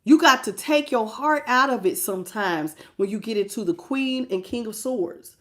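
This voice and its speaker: A woman giving a live-streamed tarot reading and greeting her viewers, emphatic and preachy, swinging between low murmurs and loud outbursts. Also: lively intonation, normal speed. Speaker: tarot reader.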